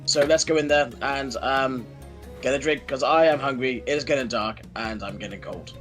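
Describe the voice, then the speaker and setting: A man's voice: mid-range voice, moderate pace, fairly bright tone, faint music behind. A man playing a tabletop character in an eager, simple-minded, childlike way. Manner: dim-witted, eager, childlike. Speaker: player.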